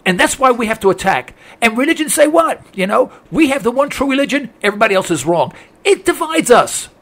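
A man's voice: extremely high pitch, expressive, fast, sharp tone. A man hosting a political talk radio show, speaking with impassioned emphasis and often restarting his phrases as he presses a point.

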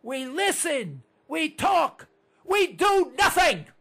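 A man's voice: extremely high pitch, very animated, slow pace, fairly bright tone, shouting. An older man hosting a talk radio show, ranting and repeating himself as he hollers at listeners.

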